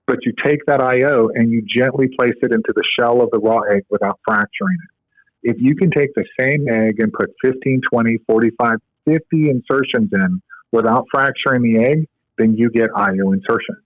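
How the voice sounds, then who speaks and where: A man's voice: mid-range voice, moderate pace, no echo. A man who is a guest on a podcast, explaining medical technique step by step and telling stories with plenty of filler words. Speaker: guest, co-inventor of a medical device. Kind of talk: podcast interview. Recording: tinny phone-like line, dry.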